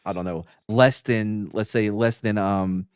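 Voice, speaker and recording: A man's voice: on the low side, steady tone, measured pace, smooth, no echo, clean studio sound. A man, a former police officer hosting a podcast, telling stories in a blunt, profane, swaggering way. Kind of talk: casual podcast chat, storytelling.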